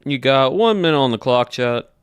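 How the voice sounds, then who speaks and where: Chatting with his livestream audience, a Southern US-accented streamer thinks aloud while running a poll of the chat. He sounds animated at a moderate pace, with a medium-pitched, clear, resonant voice and no room sound.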